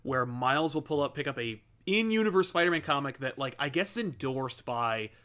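A man's voice: medium pitch, lively intonation, a bit bright. A man co-hosting a comics review show, giving blunt opinions in casual chat with lots of filler words. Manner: opinionated, talks in quick bursts with many "like" fillers.

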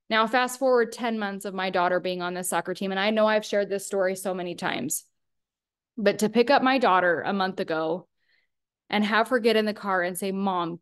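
A woman in her thirties giving an earnest motivational talk to a small group, coaching them and asking them questions. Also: medium pitch. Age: 30s. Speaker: workshop speaker.

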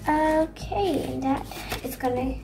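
High, slow-talking playful woman. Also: vocal fry, recorded from a distance, rough recording. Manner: chatty, playful, jokey asides. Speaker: craft tutorial presenter. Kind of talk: casual craft demonstration. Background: background music.

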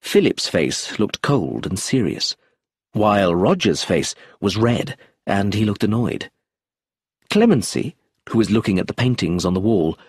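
A man's voice: lowish voice, slightly rough, dry recording, studio quality. A man narrating a mystery novel aloud, changing his voice for each character. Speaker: audiobook narrator. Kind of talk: storybook reading.

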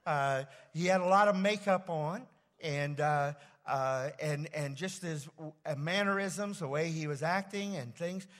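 Halting pastor in a reverberant church. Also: male voice, fairly high pitch, fairly bright tone. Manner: halting, rambling storyteller with many fillers and restarts. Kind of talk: storytelling sermon. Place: church sanctuary. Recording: long church hall reverb.

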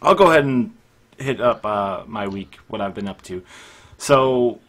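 A young man hosting a gaming podcast, recapping his week in a relaxed, easygoing way. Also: fairly low pitch, measured pace. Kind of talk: casual gaming chat.

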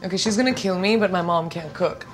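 A woman's voice: on the low side, fast. Guest: playful, laughing woman in her thirties from India, faint music behind. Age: 30s. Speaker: celebrity guest. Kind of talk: quick-fire interview answers. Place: indoors at home.

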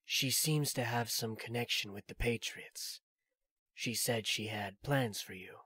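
Man doing a flat, emotionless warrior. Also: mid-range voice, a little slow, slightly rough, no echo, clean studio sound. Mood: cold. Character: cold detached young male cyborg warrior. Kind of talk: audiobook character reading.

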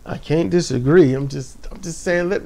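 A man's voice: fairly high pitch, normal speed, creaky, darkish tone. A man co-hosting a casual wrestling chat, laid-back and easygoing. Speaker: podcast co-host.

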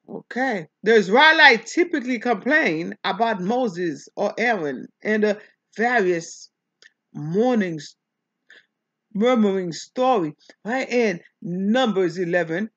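A woman pastor reading a Bible chapter aloud and explaining it, talking back to the text in an animated preaching manner. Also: mid-range voice, takes it slowly, lo-fi sound.

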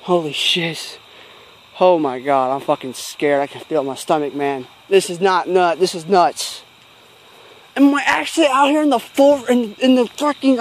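A man's voice: high voice, slight background noise. A frightened man filming himself on a phone outdoors in rural fields at night, swearing and talking nervously to himself. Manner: heavy swearing, nervous self-talk. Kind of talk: handheld night-walk vlog.

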